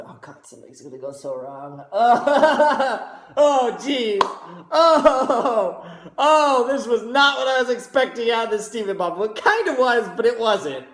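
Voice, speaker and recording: A man hosting a reaction video, gushing excitedly and swearing heavily in casual commentary. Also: high voice. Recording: roomy echo.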